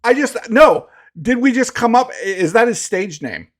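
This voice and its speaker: A man co-hosting a podcast in casual chat, joking and quick to laugh. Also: very high voice. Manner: animated, jokey, quick to laugh. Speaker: podcast co-host.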